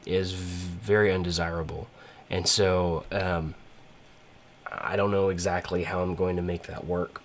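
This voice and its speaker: Man, deep voice, casual rambling gameplay commentary, many fillers. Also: a little hiss or hum. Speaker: gaming channel host.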